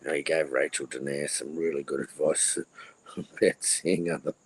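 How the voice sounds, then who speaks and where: A man's voice: extremely low pitch, steady tone, normal speed, a little hiss or hum, low-quality recording. A middle-aged man hosting a casual livestream, rambling crudely and repeating his phrases. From Australia. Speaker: livestream host.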